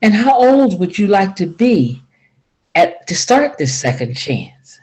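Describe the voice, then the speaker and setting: An older woman tells a folk tale in a lively, homespun voice. She jumps her pitch up and down to act out each character. Her delivery stays animated and conversational throughout. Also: takes it slowly, low-quality recording. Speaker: storyteller. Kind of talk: folksy spoken storytelling.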